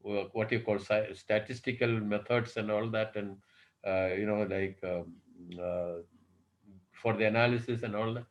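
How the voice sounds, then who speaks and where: Professor lecturing, full of fillers. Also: male voice, fairly low pitch, fairly even intonation, poor audio. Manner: unhurried, thinks aloud with many "uh, you know" fillers and rhetorical questions. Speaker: professor giving a workshop lecture. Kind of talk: online lecture. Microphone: video call.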